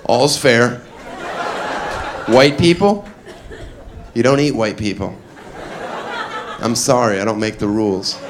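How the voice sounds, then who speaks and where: A man's voice: medium pitch, slow pace, pauses often, background noise. A man doing a stand-up comedy routine on a club stage, brash and self-mocking, with the audience laughing and chattering around him. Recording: live club with crowd laughter.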